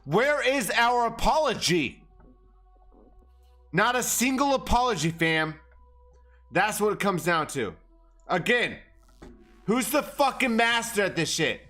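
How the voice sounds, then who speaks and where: A man's voice: high-pitched, pushed and bright. A man ranting on a livestream about markets, profane and agitated. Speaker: market commentary streamer. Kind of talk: livestream rant.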